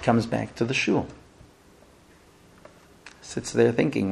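A man teaching a religious class, telling a long story in an animated way. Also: mid-range voice, slow pace, gravelly.

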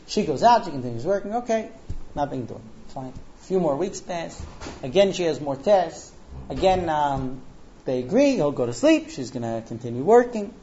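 Animated man telling a story in class. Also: fairly high pitch, normal speed, slight background noise. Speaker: Talmud teacher. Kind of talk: storytelling lecture. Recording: dull lo-fi recording.

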